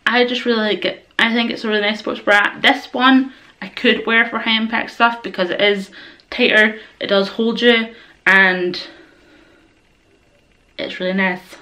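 A woman's voice: on the high side, fairly even intonation, a little slow, bright, forceful tone. Chatty young woman. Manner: chatty, rambling and enthusiastic. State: out of breath. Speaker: vlogger. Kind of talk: casual gym wear haul chat.

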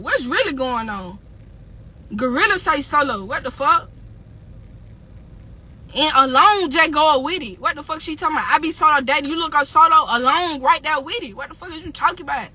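A woman with a high, bright, piercing voice rants on a livestream. She is heated and profane, and she loops the same jabs again and again. The delivery is loose and unscripted. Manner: heated, profane, repeats insults. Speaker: rapper on a livestream. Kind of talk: angry livestream rant.

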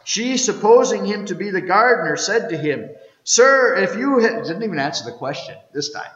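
A man preaching an Easter sermon as pastor, telling the story and reading scripture aloud, swinging from loud to hushed. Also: sits high, animated, brisk, reverberant, big-room sound, dull audio. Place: church sanctuary.

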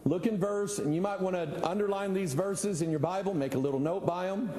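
A man's voice: high-pitched, fairly quick, mellow, echoey room, in a large hall, a little hiss or hum, low-quality recording. A middle-aged male pastor, preaching a folksy, conversational sermon full of rhetorical questions.

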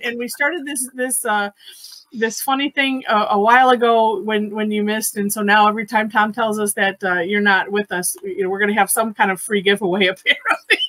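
A woman's voice: a little high, bright, forceful tone, no echo. A woman hosting an online drawing class over a video call, chatty and giggly, with lots of fillers and restarts. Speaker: online art class host. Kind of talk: casual live-stream teaching.

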